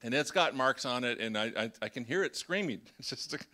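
A middle-aged man preaching a sermon, animated and acting out the voices of the people in his story. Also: fairly high pitch, fairly quick. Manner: animated, acts out voices of God and Gideon. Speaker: pastor.

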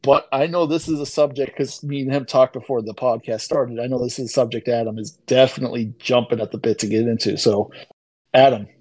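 A man's voice: medium pitch, steady tone, fairly quick, darkish tone, no echo, low-quality recording. A man co-hosting a sports podcast, talking in an exasperated, incredulous tone. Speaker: podcast co-host. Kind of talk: casual chat.

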